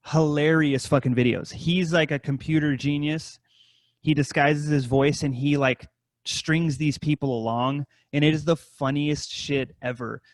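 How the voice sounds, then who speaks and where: Unhurried and fairly even in intonation, this male podcast co-host rambles through a story, cursing heavily and imitating scammers with high-pitched voices. There's no room sound.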